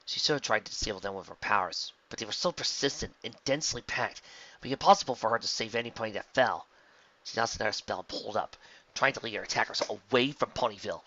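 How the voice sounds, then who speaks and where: A man reading a fan fiction story aloud in a plain, steady manner. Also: fairly low pitch, fast, muffled recording. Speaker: narrator.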